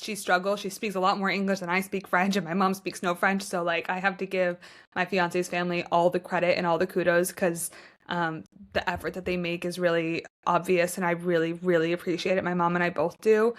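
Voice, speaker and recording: A woman's voice: lowish voice, little pitch movement, a little fast, fairly bright tone. A young American woman hosting her own podcast, talking in a heartfelt, gushing, chatty way with lots of "like" fillers. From United States. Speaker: podcast host. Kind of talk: casual chat.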